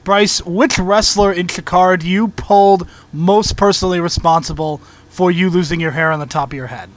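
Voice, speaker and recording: A man's voice: sits high, fairly even intonation, normal speed. A man co-hosting a casual podcast, throwing in wisecracking asides.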